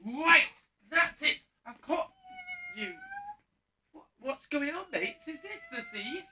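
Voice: sits high, huge pitch swings, moderate pace, recorded from a distance, background noise. A performer playing an earnest, nervous young lad new to the city in a pantomime, with a stammering, eager manner. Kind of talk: pantomime stage acting.

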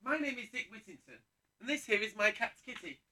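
A woman's voice: fairly high pitch, big pitch swings, brisk, bright, forceful tone, slight background noise. A woman playing an earnest young male hero as a pantomime principal boy, eager and wide-eyed. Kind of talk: live pantomime stage acting. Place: theatre stage. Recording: distant stage sound from the hall.

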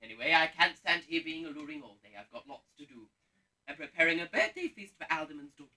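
Woman doing a big brassy panto cook, bossy with the crowd, swoopy bright voice, far from mic. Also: low voice, expressive, fast. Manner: loud, brassy, leads audience call-and-response. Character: boastful vain comic cook woman. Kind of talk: pantomime stage acting.

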